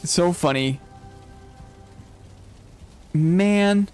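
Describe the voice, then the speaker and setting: Excitable high-voiced male streamer. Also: drawn-out words, clean tone, soft background music. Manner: excitable, gushing, laughs often. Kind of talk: live gameplay commentary.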